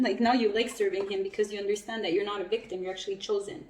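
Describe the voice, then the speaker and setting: A woman with a mellow, warm voice gives a loose, chatty tarot reading, laughing often and swearing now and then. She sits a little back from the mic in a roomy, echoing space. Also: medium pitch, fairly even intonation, racing. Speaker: tarot reader. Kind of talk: casual spiritual tarot reading. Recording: roomy echo, mic at a distance.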